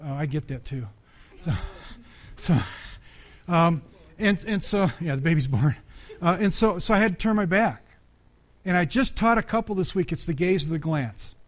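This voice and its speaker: Middle-aged male pastor, slightly high voice, lively conversational preaching with sudden loud peaks. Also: moderate pace. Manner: restarts and repeats words often. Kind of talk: sermon.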